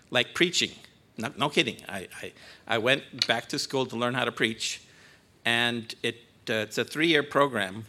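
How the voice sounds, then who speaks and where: This guest preacher, a man in his sixties, gets choked up as he begins his sermon in the church sanctuary, making self-deprecating jokes along the way. His voice is medium in pitch and comes out pushed and bright.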